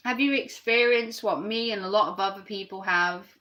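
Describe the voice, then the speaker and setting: A woman's voice: mid-range voice, moderate pace, sharp tone. A woman ranting on a live stream and reacting to her chat, sarcastic and mocking.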